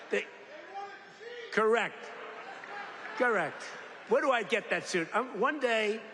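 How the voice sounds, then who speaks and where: A man's voice: high voice, a bit bright. An older man giving a rambling, boastful off-the-cuff speech at a large political rally, with mocking asides. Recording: reverberant rally hall, faint background noise.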